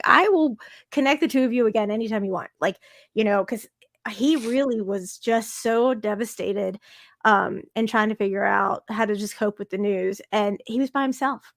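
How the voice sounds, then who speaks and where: A woman with a fairly high voice tells stories in a gushing, animated rush, stumbling over herself and starting again. The sound is dry and close, with no room around it. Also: dry recording. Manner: gushing, animated storyteller with many restarts. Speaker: podcast guest, fellow show host. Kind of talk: casual conversation.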